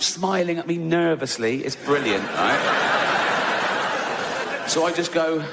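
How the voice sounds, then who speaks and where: English comic rambling through a bit. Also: male voice, a little high, normal speed, creaky, long pauses. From England. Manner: rambling, self-interrupting, cheeky. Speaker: stand-up comedian. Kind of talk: stand-up comedy. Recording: loud live audience laughter.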